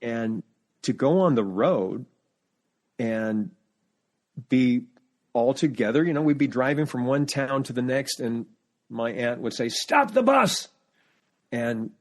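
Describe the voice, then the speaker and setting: A man as a podcast guest, telling animated family anecdotes in casual chat and often restarting sentences as he searches for words. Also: mid-range voice.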